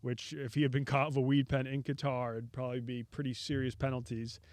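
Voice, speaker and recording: A male guest on a podcast talks in a relaxed, easygoing way and often chimes in with short words of agreement. His voice is at a medium pitch. The recording is close and dry. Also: no room sound. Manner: laid-back, quick agreeing interjections. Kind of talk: casual chat.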